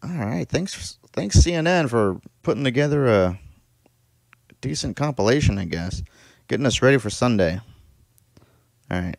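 A man's voice: mid-range voice, animated, moderate pace, gravelly, pauses often, no room sound. A man in his thirties hosting a reaction video, talking casually, laughing often and swearing freely. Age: 30s.

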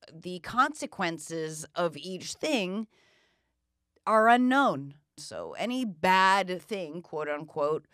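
A woman's voice: lowish voice, no room sound, studio quality. A middle-aged woman hosting a podcast, telling a story casually and loosely with lots of filler words. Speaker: podcast host.

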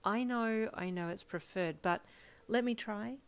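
A woman voicing the listener character, a caring and determined young vet, speaking earnestly and softly. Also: mid-range voice, measured pace, voice pushed up, lightly acted. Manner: earnest and soft-spoken. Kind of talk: second-person listener role.

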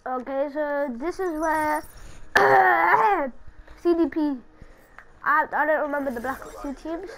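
A woman giving casual commentary over her own gameplay, excitable and taunting other players. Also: high-pitched, moderate pace, low-quality recording.

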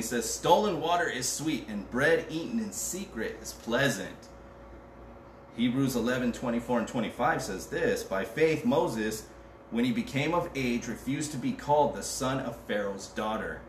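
A man preaching a conversational sermon as pastor, joking casually and reading scripture aloud. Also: medium pitch. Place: church. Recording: roomy and distant with background noise.

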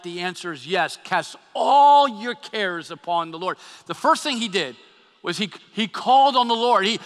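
A man preaching a sermon as pastor, animated and acting out quotes, often repeating his words. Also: high voice, normal speed. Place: church sanctuary. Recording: long hall reverb.

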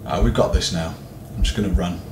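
A man's voice: sits low, fairly quick, roomy sound, background noise. A young man commenting on a horror game as he plays, jumpy and frustrated, swearing often. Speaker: gaming video host.

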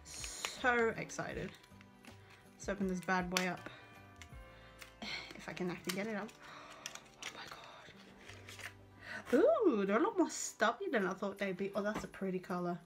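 Brief: young female beauty vlogger, excitable and gushy, music bed underneath. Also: mid-range voice, moderate pace, long pauses. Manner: excitable, gushing, lots of exclamations. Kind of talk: casual vlog chat.

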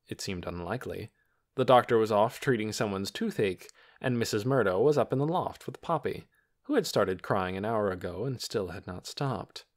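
A man reading an audiobook in calm, measured scripted narration. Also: fairly low pitch.

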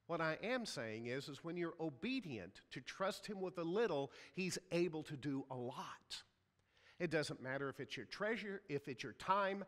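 In a church sanctuary, a pastor with a fairly high, slightly bright voice preaches a sermon, and the sound carries a big-room quality. He tells a story, acting out the voices of the people in it.

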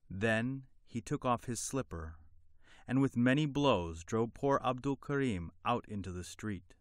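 Slow, measured male storyteller. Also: mid-range voice, lively intonation, no echo, clean studio sound. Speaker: narrator. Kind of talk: storybook narration.

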